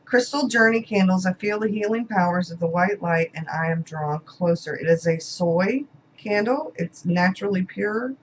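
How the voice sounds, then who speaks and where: A woman's voice: lowish voice, moderate pace. Woman, casual home vlog, emotional, repeats words, dull sound, faint room hiss. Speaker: vlogger. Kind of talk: casual unboxing chat.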